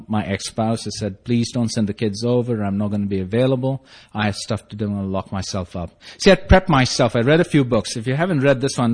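A middle-aged man gives a personal testimony at a recovery meeting. He talks earnestly and swings between quiet confession and fervent, emphatic bursts. His voice sits at an ordinary male pitch.

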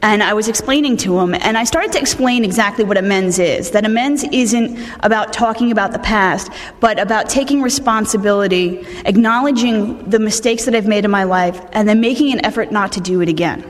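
A woman's voice: mid-range voice, a little fast, few pauses. Earnest woman telling her story in a hall. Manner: earnest, candid, conversational with restarts. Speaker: speaker sharing a recovery story. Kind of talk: personal testimony talk. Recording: long reverb of a large hall.

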